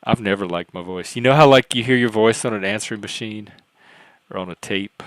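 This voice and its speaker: A man with a Southern US accent that blends Louisiana, Cajun and Texas sounds, chatting loosely on his own livestream. His voice sits fairly low, and he rambles and pokes fun at himself. The sound is dry and close, with no room echo. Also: a little fast. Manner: rambling, self-deprecating, chatty. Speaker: livestream host. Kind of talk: casual livestream chat.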